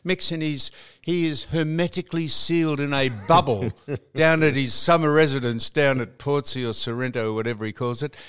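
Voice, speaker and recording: A man's voice: fairly high pitch, normal speed, smooth. Older Australian man, teasing banter. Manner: animated, teasing, retells with quoted voices. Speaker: radio host. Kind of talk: banter and storytelling.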